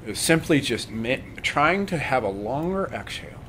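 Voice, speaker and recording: A man leading a live workshop on breathing and meditation, talking calmly and conversationally and often checking in with his listeners. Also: medium pitch, moderate pace, slight background noise. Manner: calm, conversational, checks in with "right?".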